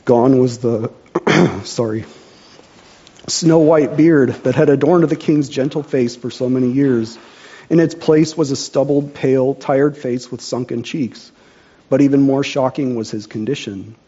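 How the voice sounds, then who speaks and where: Man, storybook narration, mellow warm tone, dull lo-fi recording. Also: medium pitch, measured pace, husky.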